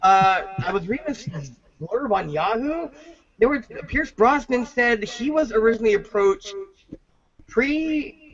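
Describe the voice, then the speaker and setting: Excitable high-voiced man, lo-fi podcast. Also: a little slow. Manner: excitable, joking, talks over others. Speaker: podcast co-host. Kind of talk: casual chat.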